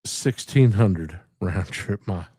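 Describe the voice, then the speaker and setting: A man's voice: sits low, animated, slow pace, warm tone, breathy edge, no room sound, studio quality. A man hosting a casual live stream, rambling and joking with frequent laughter. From southern United States.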